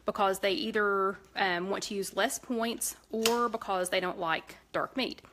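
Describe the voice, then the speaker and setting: A woman's voice: medium pitch, fairly even intonation, a little slow, noisy background. Chatty Southern woman hosting a cooking stream. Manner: chatty and rambling, talks while cooking. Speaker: cooking show host. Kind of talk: casual live-stream chat. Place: home kitchen.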